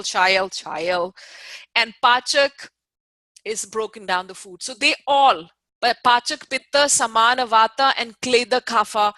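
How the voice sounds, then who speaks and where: A woman's voice: a little high, sharp tone, dry recording. A woman from India teaching an online lecture over a video call, explaining step by step, repeating key terms and checking that her students follow.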